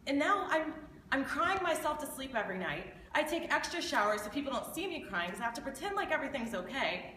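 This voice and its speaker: Woman as a tearful thirty-year-old waitress at her lowest; bright, pleading, echoey hall. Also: very animated, a little fast, recorded from a distance, slight background noise, heavily acted. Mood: despairing. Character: despairing 30-year-old waitress, unhappily married. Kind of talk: live stage monologue.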